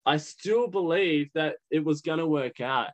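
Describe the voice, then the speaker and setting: Australian man, young, slightly higher-pitched voice, candid guest storyteller, loose and rambling. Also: measured pace. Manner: candid, rambling with many "like" fillers. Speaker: podcast guest. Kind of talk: casual storytelling.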